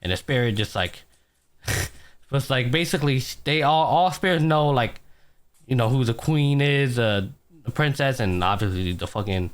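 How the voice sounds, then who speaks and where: A man's voice: mid-range voice, animated, normal speed, clean tone. A man hosting a podcast, casually retelling an anime episode in a loose, profane way full of fillers. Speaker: podcast host. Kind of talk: casual anime recap chat.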